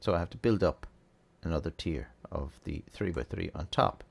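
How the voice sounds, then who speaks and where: A man hosting a relaxed, chatty game tutorial, thinking aloud as he plays. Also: low voice, normal speed, gravelly, husky. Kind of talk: casual gameplay tutorial.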